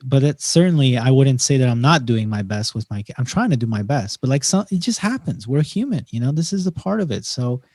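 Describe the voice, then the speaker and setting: A male podcast guest tells stories in casual conversation, stressing points and acting out bits of dialogue, often dropping the word "man." His medium-pitched voice runs a little fast with few pauses, recorded cleanly in a studio with no echo.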